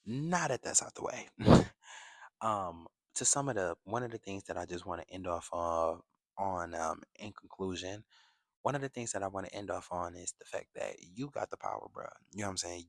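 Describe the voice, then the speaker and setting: Gravelly low-voiced young man giving advice. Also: normal speed, no echo. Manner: emphatic, streetwise slang, rhetorical "you get what I'm saying". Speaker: vlogger. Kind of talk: casual advice monologue to camera.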